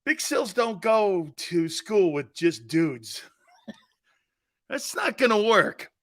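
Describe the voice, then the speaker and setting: Animated high-voiced sports talk host. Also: male voice, extremely slow. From Connecticut. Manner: animated, laughing, acts out quoted voices. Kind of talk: loud storytelling on a sports talk show.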